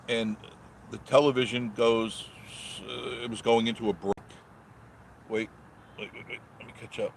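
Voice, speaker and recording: Low-voiced guy driving around, chatting and cracking jokes on a live stream, faint traffic in the background. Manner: rambling, joking, chatty. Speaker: vlogger reading live chat. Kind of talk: casual live-stream chat while driving. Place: in a car on the road.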